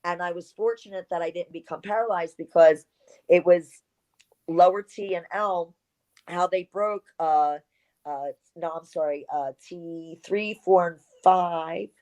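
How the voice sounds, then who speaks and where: A middle-aged woman with a notably low voice tells an animated story as an interview guest. She slips into the voices of the people she quotes and swears casually. Her delivery is loose and conversational. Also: unhurried, low-quality recording. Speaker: interview guest, former wrestler.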